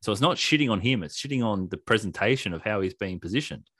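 A man co-hosting a casual wrestling podcast, talking in an animated, sarcastic way and laughing often. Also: lowish voice, fast, dry recording, studio quality. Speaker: podcast co-host.

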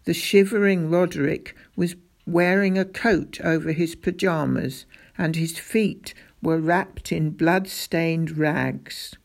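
Female storybook narrator, unhurried and measured, with a gravelly edge. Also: on the low side, fairly even intonation. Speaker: audiobook narrator. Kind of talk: scripted narration.

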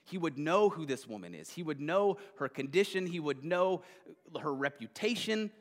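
A man voicing a suspicious, judgmental male Pharisee who mutters his disapproval in a low, quiet voice while retelling a scripture story. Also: very animated, normal speed, long reverb tail. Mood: scornful.

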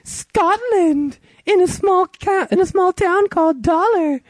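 A man voicing a giggly teenage girl in a squeaky falsetto. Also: unhurried, dry recording. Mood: chirpy.

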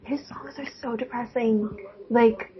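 A woman's voice: a little high, steady tone, unhurried, a little hiss or hum. A young woman chatting casually, laughing often and filling her talk with "like". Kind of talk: casual chat. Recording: dull lo-fi recording.

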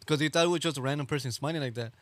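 A man's voice: a little high, very fast, dry recording. A man co-hosting a podcast in casual chat, laid-back and slangy. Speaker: podcast co-host.

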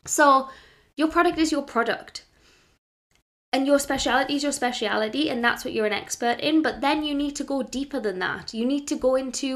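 A woman's voice: high voice, fairly quick, a bit bright. A woman, hosting a casual solo podcast in a chatty, rambling way full of "like"s. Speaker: podcast host, brand strategist.

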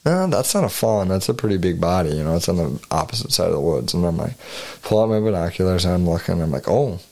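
Man, very low voice, casual podcast chat, rambling hunting tale, swears often. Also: fast, vocal fry, a little mellow. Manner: rambling storytelling, frequent swearing and laughs. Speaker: podcast co-host.

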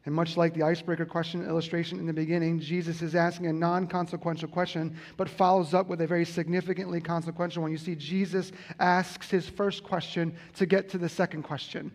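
A man's voice: on the high side, level tone, brisk, hardly any pauses. A man preaching a sermon as a pastor, earnestly repeating key lines for emphasis.

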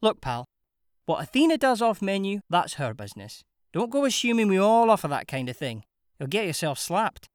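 A woman's voice: deep voice, very animated, moderate pace, no echo, studio quality, voice pushed up. A narrator voicing Sophia, a young Glaswegian stripper woman with a musical brogue, blunt and teasing, in an audiobook. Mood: frank, teasing. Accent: Glaswegian Scottish.

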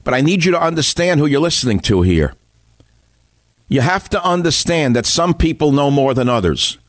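A man's voice: a little high, lively intonation, normal speed, no room sound, clean studio sound. A man hosting a radio talk show, delivering an indignant monologue full of rhetorical questions.

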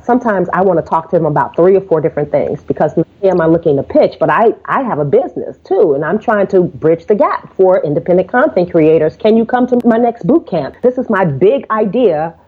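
A woman guest on a podcast telling stories about pitching, acting out phone calls in quoted voices. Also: slightly rough. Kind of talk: casual interview storytelling. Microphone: remote call. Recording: tinny phone-like line.

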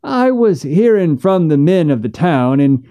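A man's voice: on the high side, big pitch swings, measured pace, warm tone. A man voicing a nervous frontier townsman who stammers and hesitates. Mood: hesitant.

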